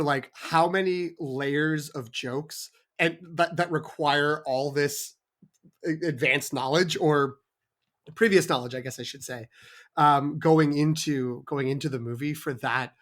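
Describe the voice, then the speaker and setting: Higher-voiced man rambling through film talk. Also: a bit bright. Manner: rambling, halting, many restarts and asides. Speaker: film podcast co-host. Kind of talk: casual film review chat.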